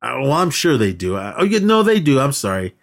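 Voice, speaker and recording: A man's voice: mid-range voice, very animated, a little fast. A man co-hosting a podcast, casually recapping a film in a rambling way, acting out quoted lines and laughing as he goes. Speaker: podcast co-host. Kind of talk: casual movie recap chat.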